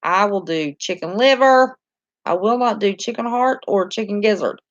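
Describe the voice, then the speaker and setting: A talkative woman with a Southern American accent chats on a home live stream, answering viewers in a homey, easygoing way. Her voice sits at an ordinary middle pitch. The sound is dry and close but a little dull and muffled. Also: normal speed, no room sound. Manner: chatty, homey, laughs easily. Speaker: channel host reading live chat. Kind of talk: casual live-stream chat.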